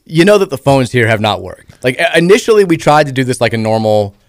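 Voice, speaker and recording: A man's voice: medium pitch, big pitch swings, fast, no room sound. A man hosting a sports talk radio show, upbeat and teasing in casual chat. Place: radio studio. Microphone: studio microphone. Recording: dry studio sound.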